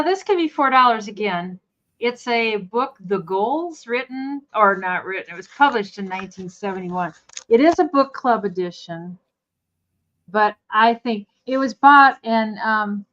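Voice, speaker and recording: A woman hosting a live vintage sale, chatting in a rambling way with laughing asides. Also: medium pitch. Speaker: host selling vintage items. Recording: dull lo-fi sound.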